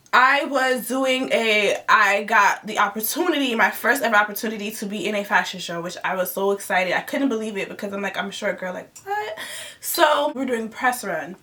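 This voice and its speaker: A woman's voice: mid-range voice, lively intonation, normal speed, bright, forceful tone, recorded from a distance. A young woman vlogger chatting expressively to her viewers in a casual storytime, sounding congested from allergies.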